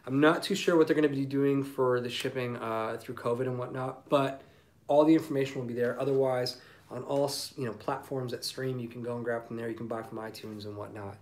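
A man, a singer-songwriter, chatting casually on a livestream through a phone mic and reading viewer comments in a relaxed, rambling way with lots of ums. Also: mid-range voice, brisk.

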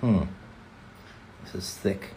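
A man's voice: takes it slowly, dark tone, slight background noise. Playful, rambling man at a live signing. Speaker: voice actor signing autographs on a livestream. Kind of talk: casual chat.

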